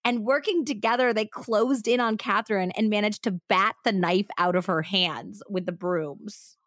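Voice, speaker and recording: A woman's voice: mid-range voice, normal speed, fairly bright tone, no room sound, clean studio sound. Woman narrating a true-crime podcast. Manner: reads narration then chats casually with fillers. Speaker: podcast co-host.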